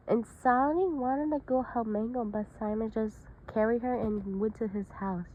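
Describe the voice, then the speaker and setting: A woman's voice: on the high side, normal speed, hardly any pauses, highs cut off, slight background noise. A woman telling an improvised story in a casual, rambling way, with run-on sentences and restarts.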